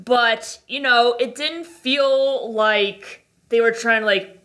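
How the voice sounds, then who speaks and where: A woman's voice: on the high side, slow pace, fairly bright tone. A woman co-hosting a casual movie chat, hesitant and laughing often, giving short agreements. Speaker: co-host.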